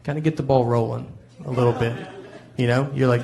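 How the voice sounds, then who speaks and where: A man from Tennessee with a Southern American accent performing a stand-up comedy routine, telling rambling deadpan stories. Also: medium pitch, a little fast, vocal fry. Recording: noisy live show audio. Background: audience laughter.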